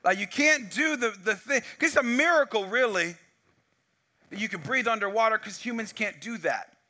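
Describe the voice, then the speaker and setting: On a wireless mic, a pastor preaches in a high-pitched voice at normal speed. His sermon unfolds as an animated story with many acted-out lines of dialogue.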